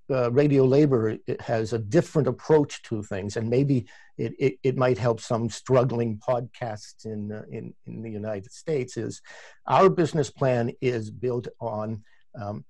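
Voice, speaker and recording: A man's voice: medium pitch, mellow, no echo. A Canadian man answering interview questions about labour radio, thoughtful, often restarting and correcting himself. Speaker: labour radio producer and podcast guest.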